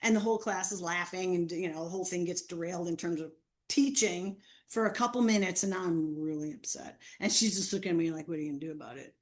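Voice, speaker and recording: A woman presenting an online training seminar, telling a classroom story in an animated way with acted quotes. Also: lowish voice, a little fast.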